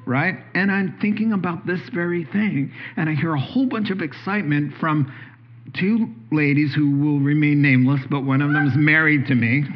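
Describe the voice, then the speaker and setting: A middle-aged man preaching a sermon, a joking storyteller whose voice jumps high as he gets animated. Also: normal speed, lo-fi sound. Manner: animated, joking storyteller who rises sharply in pitch. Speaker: pastor.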